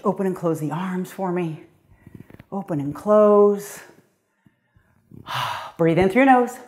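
A woman's voice: lowish voice, a little mellow. A middle-aged woman, a fitness coach, leading a guided workout with upbeat, encouraging cues, slightly out of breath.

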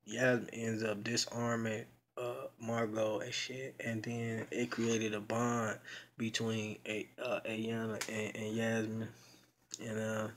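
A man's voice: on the low side, monotone, takes it slowly, a bit bright, slight background noise. A young man casually retelling a story in a rambling, slangy way, cursing freely. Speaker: video blogger.

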